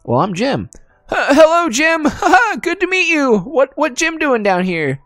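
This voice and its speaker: A man voicing an excitable little male goblin who stammers and mangles his grammar in a high, squeaky voice. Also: a little slow, no echo, soft background music, full character voice.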